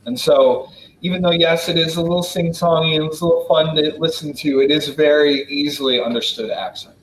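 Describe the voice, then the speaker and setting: An American man from Wisconsin answering questions in a relaxed, casual way, with many fillers and restarts. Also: on the high side, brisk, echoey room, a little hiss or hum, poor audio. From Wisconsin, United States. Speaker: guest diplomat answering questions. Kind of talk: casual spoken Q&A.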